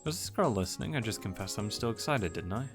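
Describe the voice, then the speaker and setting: A man's voice: fairly low pitch, animated, fast talker, music in the background. A man reading a visual novel aloud for a let's play, breaking in with playful joking asides. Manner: playful, joking commentary between read lines.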